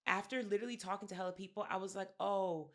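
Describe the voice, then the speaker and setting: Podcast co-host, woman, lively storyteller who plays every quote out loud. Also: mid-range voice, very fast. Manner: animated storyteller, acts out quotes, swears freely. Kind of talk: casual chat, storytelling.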